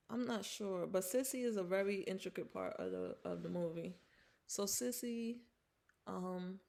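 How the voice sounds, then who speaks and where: A woman's voice: medium pitch, vocal fry, a little mellow. A woman retelling a film's plot in a casual vlog, chatty, with fillers and restarts, acting out the characters' lines. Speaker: film reviewer. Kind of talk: casual film recap vlog.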